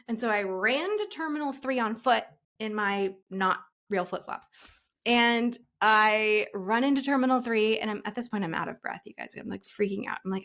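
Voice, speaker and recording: A woman in her forties, a casting director on a podcast, telling a story with lively energy and acting out the voices of the people in it. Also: a little high, normal speed. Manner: breathless storyteller, acts out quoted voices, frequent laughs. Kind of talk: animated anecdote telling.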